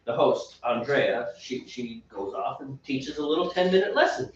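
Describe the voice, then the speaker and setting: A man co-hosting a casual homebrewing podcast, an animated storyteller who laughs and mimics voices. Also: mid-range voice, moderate pace. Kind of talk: casual banter. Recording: echoey room, distant mic, dull lo-fi sound.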